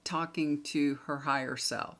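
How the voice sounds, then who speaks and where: A woman's voice: sits low, steady tone, unhurried, fairly bright tone. A woman tarot reader talking casually to a camera, chatty and emphatic, repeating points for stress.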